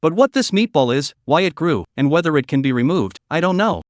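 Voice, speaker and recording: A man's voice: a little high, animated, a little fast, no echo, clean studio sound, lightly acted. A man reading a fretful old alchemist elder. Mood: worried. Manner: alarmed, repeats himself. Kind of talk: text-to-speech recap reading.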